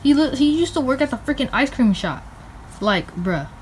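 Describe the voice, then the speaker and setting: A woman's voice: sits high, sing-song, normal speed, slight background noise, voice pushed up. A woman voicing a laid-back, dismissive plush toy dad in a homemade skit.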